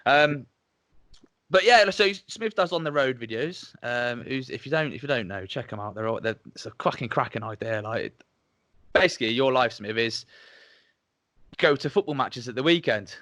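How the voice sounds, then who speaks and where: A man's voice: medium pitch, animated, normal speed, pushed and bright, no echo. A man in his twenties with a Dorset accent, hosting a podcast in a casual, chatty way and swearing freely. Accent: Dorset English. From Dorset, England. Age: 20s. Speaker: podcast host. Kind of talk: casual chat.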